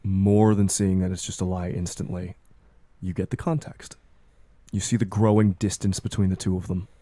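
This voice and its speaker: Guy running a horror tabletop game, really low even voice, dark tone, dry close sound. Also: moderate pace, dry recording. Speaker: game master.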